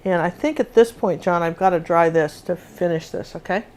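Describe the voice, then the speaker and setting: While demonstrating acrylic painting live, an older woman keeps up a chatty commentary full of restarted sentences. She has a lowish, darkish voice and talks at an ordinary pace.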